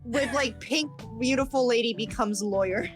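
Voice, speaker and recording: A woman chatting with friends on a call, animated and swearing as she searches for words. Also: on the high side, moderate pace, soft background music. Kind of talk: casual group chat.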